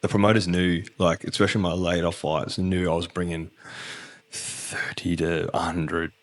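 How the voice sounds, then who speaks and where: A man's voice: deep voice, little pitch movement, moderate pace. An Australian man, a guest on a podcast, telling blunt, swearing stories with laughs in a casual chat.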